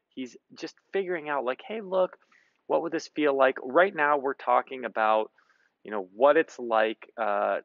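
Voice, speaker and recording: A man's voice: medium pitch, a bit bright, no echo. Male fitness coach, casual follow-along commentary, dry close sound, slightly muffled. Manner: loose and conversational, lots of fillers.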